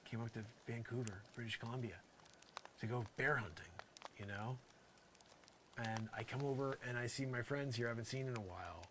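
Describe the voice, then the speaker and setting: A man's voice: mid-range voice, noisy background. A man doing an improvised comedic rant, rambling and sarcastic, swinging between exasperated outbursts and muttered asides. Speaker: comedian performing a character monologue.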